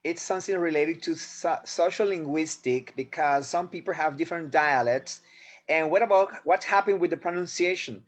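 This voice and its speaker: A man whose first language is Spanish, explaining a point with quick restarts in a casual online discussion. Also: fairly high pitch. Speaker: webinar participant. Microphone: video call.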